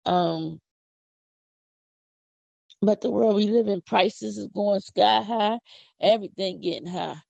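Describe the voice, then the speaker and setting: A middle-aged woman from Philadelphia with a Philadelphia accent, hosting a casual, preachy podcast monologue with excited whoops. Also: mid-range voice, slow pace, vocal fry, pauses often, dry recording. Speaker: podcast host. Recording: dull lo-fi audio.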